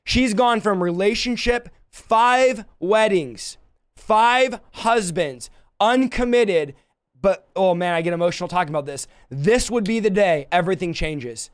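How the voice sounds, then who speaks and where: Man, preacher, livestream sermon, high-pitched, smooth resonant voice, impassioned. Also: animated, unhurried, dry recording, studio quality. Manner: impassioned, swinging between soft and loud.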